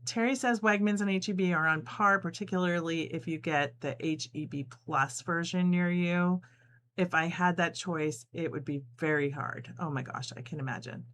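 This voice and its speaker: A middle-aged woman from New Jersey hosts a relaxed live sew-along. Her voice sits a little low, and she chats easily, laughs often and reads viewers' messages aloud while she works. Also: normal speed. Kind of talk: casual live-stream chat while sewing.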